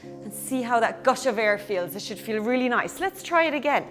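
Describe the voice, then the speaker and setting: Bright high-voiced Irish woman teaching kids yoga. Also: lively intonation, moderate pace, soft background music. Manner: playful, encouraging, talks to the kids at home. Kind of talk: guided children's yoga class.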